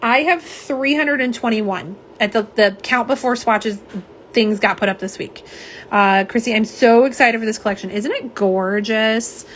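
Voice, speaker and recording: A woman's voice: a little high, moderate pace, a little hiss or hum. A woman hosting a live nail polish unboxing, chatting casually and reading viewer comments aloud. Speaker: nail polish livestream host. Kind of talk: live unboxing and swatching chat.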